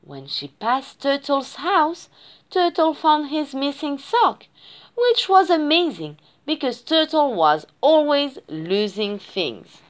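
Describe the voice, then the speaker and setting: Woman reading a kids picture book out loud, super slow, sing-songy. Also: sits high, sing-song. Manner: slow, sing-song storytelling. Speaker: reader. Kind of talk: children's picture book read-aloud.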